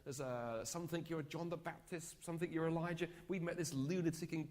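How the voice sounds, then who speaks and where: A man's voice: fairly even intonation, fairly quick, darkish tone, close to an everyday voice. A man putting on jokey bickering disciples. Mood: mocking. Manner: jokey, mocking, higher-pitched banter. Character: bickering male disciples joking about crowds. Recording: echoey hall sound.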